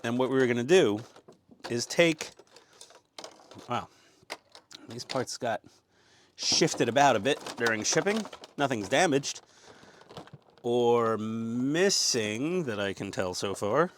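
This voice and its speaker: A man's voice: medium pitch, lively intonation, slow pace, pauses often, fairly bright tone, slight background noise. A man hosting a casual hobby build vlog on a lapel mic, joking, rambling and mocking himself. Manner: jokey, self-mocking, rambling. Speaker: host.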